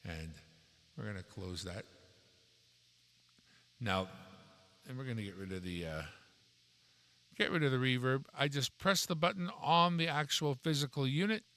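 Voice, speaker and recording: A man's voice: mid-range voice, moderate pace, long pauses. Man casually explaining, reverb-heavy sound. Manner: relaxed, rambling, self-correcting explainer. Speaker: YouTube creator reviewing streaming gear. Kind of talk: casual gear walkthrough. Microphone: dynamic microphone.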